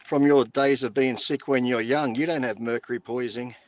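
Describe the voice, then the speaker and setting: A man's voice: medium pitch, steady tone, a little fast. Teasing, jokey man on a call. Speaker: co-host. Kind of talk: casual teasing chat. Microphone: video call.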